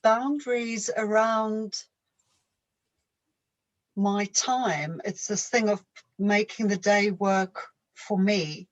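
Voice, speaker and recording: A woman speaks at an unhurried pace on a coaching call, stopping often to find her words. Her pitch sits in a middle range, and her delivery is slow and reflective. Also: steady tone, muffled recording. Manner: slow, thoughtful, pauses often while searching for words. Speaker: coaching client. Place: home.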